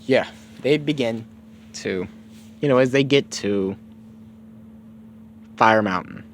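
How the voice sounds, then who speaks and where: A man's voice: mid-range voice, slow, slight background noise. A man casually retelling a story, rambling and profane, with lots of fillers.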